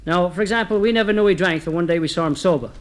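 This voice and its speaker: A man telling comic stories, delivering one-liners with a deadpan manner. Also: high voice, rapid-fire. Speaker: comedian. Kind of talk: comic storytelling.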